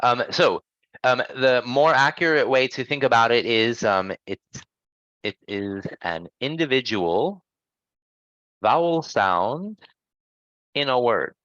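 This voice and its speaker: A man runs a pronunciation lesson and patiently corrects his students. He models each sound slowly and clearly. The recording is dull and lo-fi, and very dry. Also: mid-range voice, expressive, fairly bright tone, no echo. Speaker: English pronunciation teacher. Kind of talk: online language lesson.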